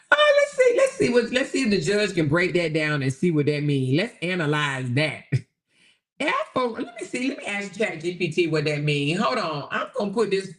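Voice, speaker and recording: A woman hosting a casual livestream commentary, animated and exclamatory, talking straight to her viewers and reading their comments aloud. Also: lowish voice, normal speed.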